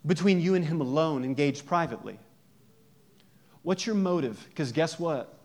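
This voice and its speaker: A man's voice: on the high side, expressive, moderate pace, darkish tone. A man pastor preaching a conversational sermon, joking and asking his listeners many questions.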